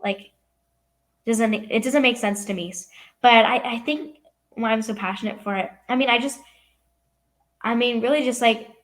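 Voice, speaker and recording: A young California actress, interviewed as a guest, answers casually at a moderate pace, pausing often. Her voice is a little high and a bit bright, and she sounds youthful, using lots of "like" and "um."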